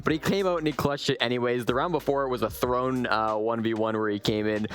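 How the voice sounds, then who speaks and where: A man giving esports analysis on a live desk in a dry, deadpan, teasing way. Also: medium pitch, fast, smooth.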